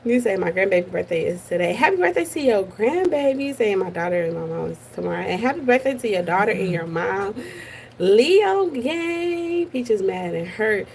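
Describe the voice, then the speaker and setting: Chatty woman live streamer with vocal fry. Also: mid-range voice, lively intonation, quick pace, few pauses, a little mellow, slight background noise. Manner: chatty, greets viewers by name, gossipy. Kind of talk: casual live-stream chat. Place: office at work.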